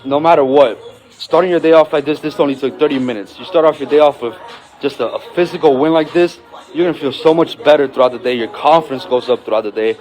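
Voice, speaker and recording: A man in a casual motivational vlog, sweaty after a workout outdoors, talking in an energetic way and swearing freely. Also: on the high side, fast talker, poor audio.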